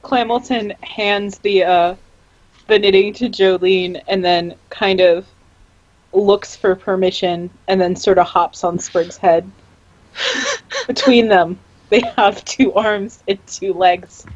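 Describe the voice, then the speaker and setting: Unhurried woman narrating a tabletop game. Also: medium pitch, expressive, highs cut off. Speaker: tabletop role-play player.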